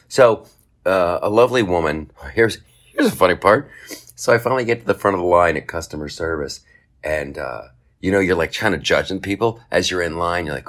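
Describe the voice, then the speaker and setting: Animated deep-voiced man telling a comic story. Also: a little fast. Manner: animated, profane, jumps into high mocking voices for other people. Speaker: podcast host.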